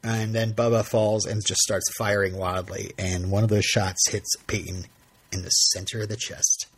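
Husky-voiced man rambling podcast recap. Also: lowish voice, level tone, moderate pace. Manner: rambling, laughs often, many restarts. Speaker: podcast host. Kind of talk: casual recap chat.

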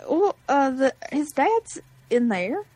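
A woman's voice: high-pitched, very animated, slow pace, mellow, no echo. A woman co-hosting a podcast in casual chat, mostly brief reactions and playful teasing.

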